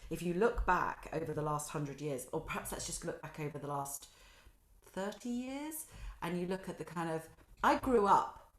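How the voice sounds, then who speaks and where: In a roomy, echoing recording, a middle-aged female guest with a lowish voice speaks at a moderate pace. Her chat is reflective and animated, and she frequently acts out quotes and laughs at herself.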